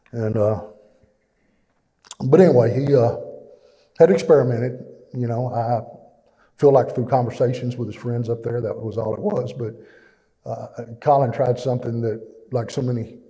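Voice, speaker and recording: A man's voice: mid-range voice, warm tone. A middle-aged man giving a plainspoken, emotional personal testimony at a church, with many fillers. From East Texas. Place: church fellowship hall. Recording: long reverb in a church hall.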